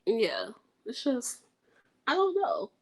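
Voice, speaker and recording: Slow-talking husky woman podcaster. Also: a little high, huge pitch swings, low-quality recording. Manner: blunt, hesitant musing with slangy asides. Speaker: podcast co-host. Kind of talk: casual chat.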